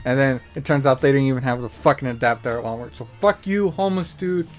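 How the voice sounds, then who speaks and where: A man hosting a podcast, telling stories in a profane, animated way and acting out the people he quotes. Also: mid-range voice, fast, faint music behind. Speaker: podcast host. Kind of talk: casual storytelling.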